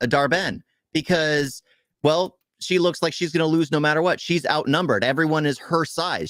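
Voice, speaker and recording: A man's voice: fairly high pitch, fairly bright tone, no echo. A man co-hosting a casual movie review, ranting in frustration with rhetorical questions.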